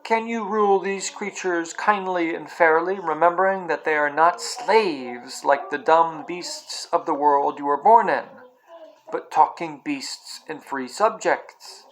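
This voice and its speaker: A man voicing a great male lion who speaks in a grave, slow and measured way. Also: fairly high pitch, a bit bright, a little hiss or hum, rough recording. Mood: solemn, kingly. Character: great male lion, solemn, kingly and kind.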